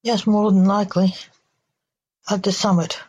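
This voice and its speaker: A woman's voice: medium pitch, little pitch movement, normal speed, darkish tone, muffled recording, natural voice. A woman voicing the emperor's protective older brother in her own plain reading voice. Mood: serious.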